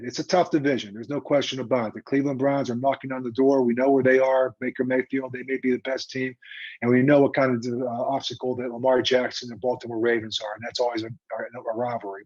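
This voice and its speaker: An older man, a retired football coach, telling a story in a lively, emphatic, conversational way during an interview. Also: medium pitch. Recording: dull lo-fi remote audio.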